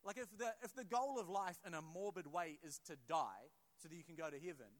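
A pastor with a high-pitched voice delivers a sermon in church, talking with the congregation rather than at them. He explains a passage while stumbling through restarts and dropping quick asides.

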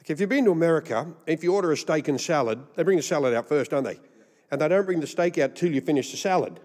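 An Australian man preaching with a slightly high voice, his words ringing out with a long hall reverb. He spins rambling, jokey stories as a pastor and laughs at his own punchlines. His sermon sounds like a live talk to a crowd. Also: lively intonation, fast, darkish tone. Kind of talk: humorous storytelling sermon.

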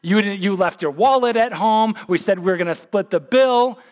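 A pastor preaches with conversational emphasis, often stumbling and restarting his words as he presses a point home. His man's voice sits notably high, swinging between quick asides and slow, weighty lines. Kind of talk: sermon.

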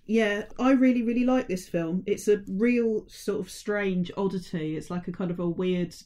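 A woman's voice: medium pitch, normal speed, dark tone. Woman, co-host, reflective and enthusiastic, casual talk. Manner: thoughtful, enthusiastic, acts out quotes. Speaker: podcast co-host. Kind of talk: casual film chat.

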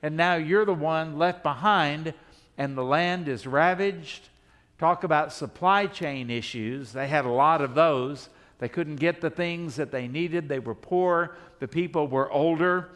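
A man with a fairly high voice delivers a sermon as a pastor. He keeps it conversational, leaning on rhetorical questions and voicing what the people might have said. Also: unhurried, a bit bright. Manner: speaks in imagined voices of the people.

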